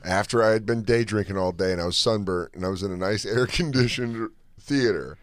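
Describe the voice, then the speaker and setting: A man's voice: fairly low pitch, a little fast, dry recording. A man co-hosting a comedy podcast, rambling through a story and laughing as he talks. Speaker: podcast co-host.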